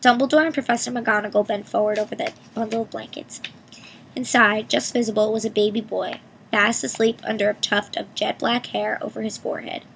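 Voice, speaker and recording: A woman's voice: a little high, level tone, fairly quick, gravelly, fairly bright tone, poor audio. A woman reading a storybook aloud expressively, voicing each character herself, over a faint hiss. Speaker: reader. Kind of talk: audiobook reading with character voices.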